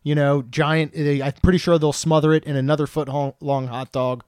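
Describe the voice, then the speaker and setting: A man's voice: a little high, little pitch movement, fairly quick, a little mellow, smooth, dry recording, studio quality. A man in his thirties co-hosting a podcast, chatting casually and joking, rambling with frequent restarts. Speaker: podcast co-host.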